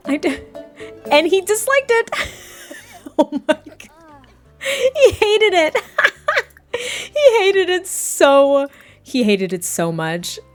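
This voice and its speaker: A woman casually commenting on a life-sim game in a chatty, rambling way, often breaking into giggles. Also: on the high side. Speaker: gameplay commentator. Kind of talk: casual let's-play commentary.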